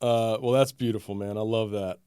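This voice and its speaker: A man in his forties from North Carolina, hosting a podcast interview in a relaxed, affirming manner. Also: fairly low pitch, clear, resonant tone, no room sound, clean studio sound. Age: 40s. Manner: relaxed, affirming, quick to laugh. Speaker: podcast host. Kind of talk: casual interview talk.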